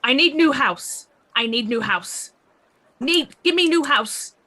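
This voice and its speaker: Brief: a woman doing a shrill, pushy old granny barking broken-English demands for a house, swooping wildly. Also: animated, slow, pushed and bright, heavily acted. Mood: demanding.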